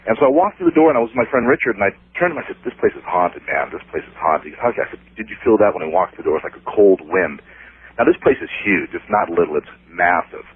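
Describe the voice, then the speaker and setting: A male caller telling a ghost story over the phone, animated and acting out what people said. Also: on the low side, fast. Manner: animated storyteller, acts out dialogue. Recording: husky tinny phone line.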